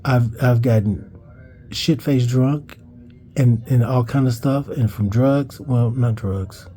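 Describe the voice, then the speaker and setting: A man recounts a memory in a loose, rambling vlog style. His voice is deeply mellow and dark in tone, at a middling pitch. He trips over his words and jumps his pitch up when acting out what others said. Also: slow pace. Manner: rambling, with restarts and cursing; acts out quoted voices higher in pitch. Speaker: vlogger telling a childhood story. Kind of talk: casual storytelling.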